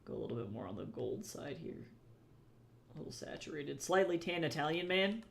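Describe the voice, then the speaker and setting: A man's voice: a little high, sing-song, brisk, vocal fry, a little hiss or hum. A young man who draws comics on a livestream, chatting casually, thinking aloud as he works and answering his chat. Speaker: comic artist streamer.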